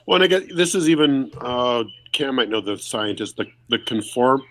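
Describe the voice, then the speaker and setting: A man's voice: medium pitch, lively intonation, moderate pace, fairly bright tone, slight background noise, rough recording. A man hosting a casual podcast discussion, talkative and explaining things for listeners. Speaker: podcast host.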